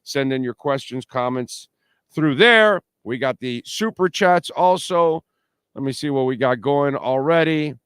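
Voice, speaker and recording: A man's voice: mid-range voice, a little slow, fairly bright tone, smooth, no room sound, clean studio sound. Brash middle-aged man hosting a sports show. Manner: brash, trash-talking, reads sponsor plugs and super chats. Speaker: sports talk show host. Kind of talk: casual postgame livestream talk.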